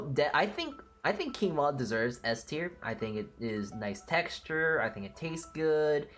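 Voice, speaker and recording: Woman, very low pitch, casual live-stream chatter, blunt, swears, opinionated.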